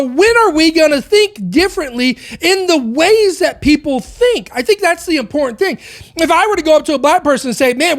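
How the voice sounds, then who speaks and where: Woman podcast host ranting her opinions, high voice, lots of "why are we doing this" questions. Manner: impassioned, full of rhetorical questions.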